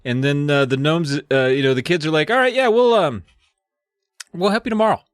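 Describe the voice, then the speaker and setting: A man co-hosting a casual podcast, recapping a book in a relaxed way with many fillers. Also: a little high, normal speed, dry recording, studio quality. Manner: laid-back, lots of uh fillers. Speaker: podcast co-host.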